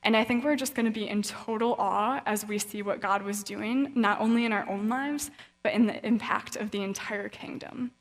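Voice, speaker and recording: A woman's voice: mid-range voice, steady tone, moderate pace. A woman author giving an earnest, encouraging faith talk in a casual conversational way at a young-adult event. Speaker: guest speaker and author. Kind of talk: inspirational faith talk with a read-aloud story. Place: event hall. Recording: long reverb of a large hall.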